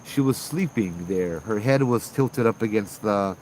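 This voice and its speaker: A man with a Hawaii local accent tells a ghost story in a relaxed, casual way, his voice sitting fairly low. He is animated and slips into the voices of the people in the tale. Crickets chirp faintly behind him. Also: a little slow, slight background noise, low-quality recording. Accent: Hawaii local English. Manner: animated, acts out voices in dialogue. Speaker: ghost tour guide and storyteller.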